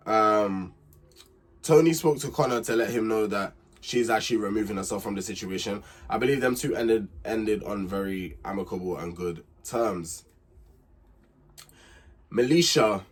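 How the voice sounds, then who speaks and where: A man's voice: fairly low pitch, a bit bright, slightly rough. A young man hosts a casual reality TV recap, chatty and candid, repeating himself and getting emphatic when he gives his opinions.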